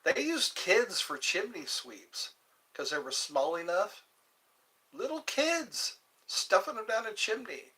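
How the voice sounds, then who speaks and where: Slow, bright-voiced older man rambling. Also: sits high, big pitch swings, poor audio. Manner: slow, meandering, joking to himself. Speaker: livestream host. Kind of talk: casual rambling livestream chat.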